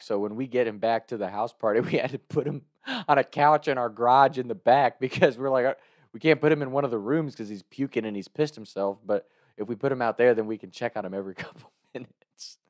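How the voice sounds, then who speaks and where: A man's voice: medium pitch, brisk, dry recording, studio quality. A man telling a casual personal anecdote in a loose, rambling way, often laughing mid-sentence. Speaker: storyteller.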